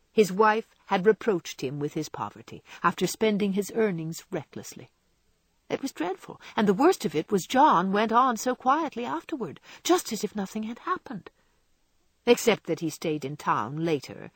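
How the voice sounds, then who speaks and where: A woman narrating a classic novel in an expressive storybook reading. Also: medium pitch, no room sound. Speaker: audiobook narrator.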